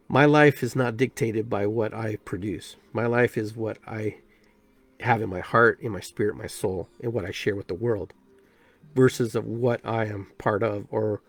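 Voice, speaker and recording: A man hosting a podcast, giving a spiritual self-help talk in an emphatic, animated way. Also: lowish voice, no echo. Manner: emphatic, animated, acts out quoted voices. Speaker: podcast host and shaman.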